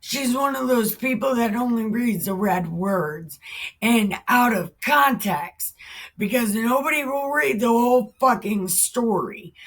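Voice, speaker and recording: A woman giving heated reaction commentary on the Bible, swearing often and breaking into shouts. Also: medium pitch. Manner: heated, profane, bursts into shouting.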